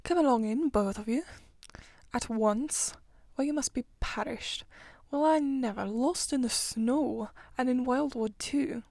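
A woman voicing a gruff old male badger in a storybook reading, stern and fatherly by turns. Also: on the high side, moderate pace, darkish tone, no room sound. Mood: warm.

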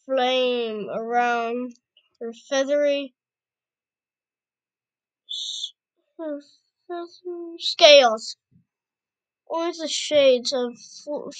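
Amateur woman reader, high voice, slow and halting with restarts. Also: clean tone, no echo, low-quality recording. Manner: halting, stumbles and rereads words. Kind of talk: reading a novel aloud.

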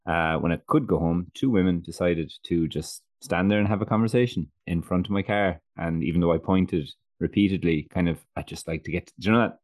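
A man's voice: low-pitched, darkish tone, dry recording, clean studio sound. A man with an Irish accent, co-hosting a casual rugby podcast and telling stories with frequent laughs and casual swearing. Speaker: podcast co-host. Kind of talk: casual chat.

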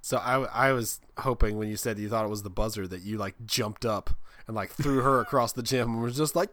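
A man's voice: fairly low pitch, a little fast, noisy background. A man co-hosting a casual comedy podcast, riffing playfully and jumping into silly bits. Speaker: podcast co-host.

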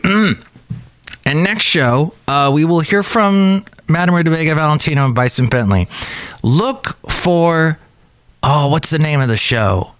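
A man's voice: measured pace, dry recording. Chatty man hosting a podcast. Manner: rambling, chatty, excitable jumps in pitch. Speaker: podcast host. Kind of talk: casual solo podcast chat. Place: cafe.

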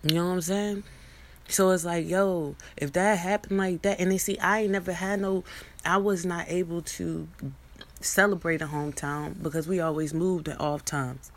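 A woman's voice: lowish voice, fairly even intonation, normal speed. A young woman in a rambling, profane monologue, preaching at her viewers with many restarts and asides. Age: young adult.

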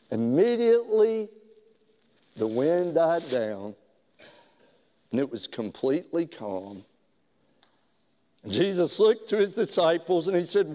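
A large hall's long reverb surrounds a pastor telling a story in his sermon. His voice is a little high and slightly mellow, with big pitch swings, and he speaks slowly, restarting haltingly again and again.

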